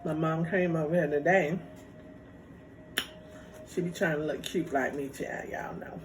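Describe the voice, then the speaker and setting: A woman vlogger chatting casually while eating, playful and quick to laugh. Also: sits low, fairly even intonation, over music. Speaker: mukbang vlogger. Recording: noisy home recording.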